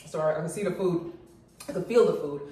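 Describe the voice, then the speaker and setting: A woman with a Jamaican accent hosting a casual home cooking vlog, chatty and excitable as she talks to her viewers. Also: lowish voice, quick pace. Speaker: cooking channel host. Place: home kitchen. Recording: very echoey room, mic far off.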